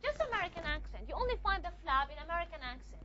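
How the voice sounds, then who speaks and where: A woman's voice: very high voice, very animated, rapid-fire, lo-fi sound. A woman teacher giving a classroom lecture, explaining step by step and often checking with the class.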